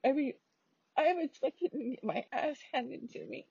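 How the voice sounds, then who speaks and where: A woman's voice: sits high, lively intonation, normal speed, gravelly, warm tone, no room sound. A woman telling a story about her own experience in a casual, chatty way, swearing freely and using many fillers. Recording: dull lo-fi recording.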